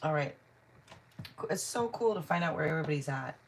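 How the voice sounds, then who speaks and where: A woman's voice: low voice, lively intonation, fairly quick, a little hiss or hum. A woman from Seattle, a tarot reader on a live stream, chatting casually and answering viewers' comments one by one. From Seattle, Washington. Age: adult.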